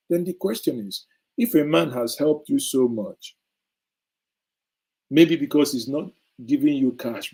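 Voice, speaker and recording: Indignant man with a dark, husky voice. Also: mid-range voice, rough recording. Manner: indignant, emphatic, sarcastic. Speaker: commentary host. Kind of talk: opinionated political commentary.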